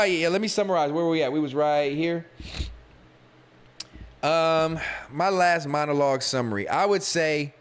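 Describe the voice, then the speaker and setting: A young man with a smooth, fairly bright, medium-pitched voice hosts a livestreamed podcast. In a casual monologue full of slang and profanity, he reads his chat and speaks to it directly.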